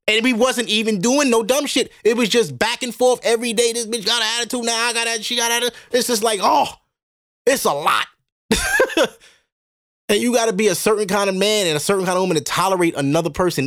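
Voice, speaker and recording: A man's voice: high-pitched, a bit bright, no echo, studio quality. A man hosting a casual solo podcast, talking bluntly and profanely to his listeners and laughing often. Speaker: podcast host.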